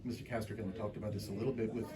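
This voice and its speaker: A fan at a convention asking a question in a halting way, with lots of fillers. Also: male voice, fairly low pitch, level tone, background noise. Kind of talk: audience question. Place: convention hall.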